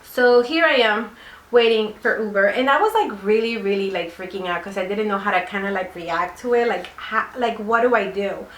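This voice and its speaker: A woman's voice: mid-range voice, moderate pace, a bit bright. A woman vlogger telling a casual story in a chatty, rambling way, full of fillers. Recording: roomy echo.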